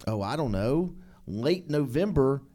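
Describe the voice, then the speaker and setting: A man's voice: mid-range voice, expressive, measured pace, warm tone. A man hosting sports talk radio, dropping wry one-liners and rambling through restarts.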